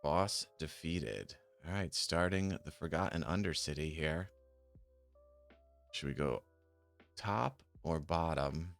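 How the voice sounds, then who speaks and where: A man's voice: a bass voice, animated, measured pace, creaky, a bit bright. A man chatting casually on a live stream while playing a game and checking options trades, muttering and swearing when annoyed. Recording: faint music behind. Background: faint music.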